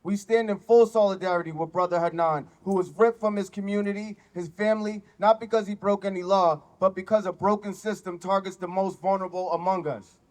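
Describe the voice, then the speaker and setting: A union man speaks at an outdoor rally in a high, clear voice. He delivers prepared lines firmly and in declarative sentences. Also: steady tone, darkish tone. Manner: firm, declarative, measured. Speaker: union business agent.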